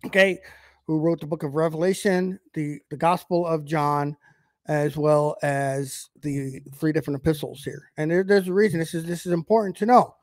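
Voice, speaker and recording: Casting: man from the US, preacher on a livestream, casual and rambling delivery, slightly high voice, dry close sound. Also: steady tone, moderate pace, no echo. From United States. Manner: conversational, many fillers and restarts. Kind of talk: livestreamed Bible teaching.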